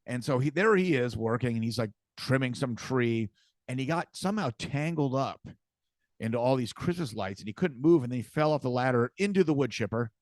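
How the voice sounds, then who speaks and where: A man hosting a podcast, telling stories in casual chat, halting and repeating words as he goes. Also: mid-range voice, expressive, dry recording, clean studio sound. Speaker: podcast host.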